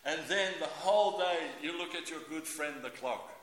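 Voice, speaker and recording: A man preaching a sermon in a lively, theatrical way, acting out everyday scenes with voices. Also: fairly high pitch, normal speed, hardly any pauses, slight background noise. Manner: animated, acts out scenes with voices. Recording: echoey hall.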